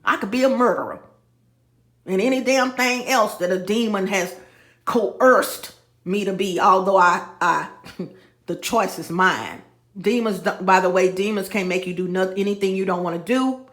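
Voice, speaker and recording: Talking straight to her viewers and calling them "y'all," a woman vlogs in an emphatic, casual monologue, repeating phrases as she makes her points. Her voice is medium in pitch at a moderate pace. The room sounds echoey.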